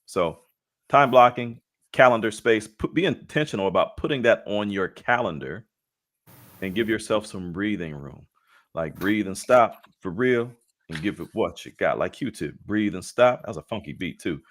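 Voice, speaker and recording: A man's voice: lowish voice, expressive, normal speed, a bit bright. A man co-hosting a casual leadership webinar, playful and jokey, mixing slang asides with talk of faith. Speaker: co-host and leadership coach.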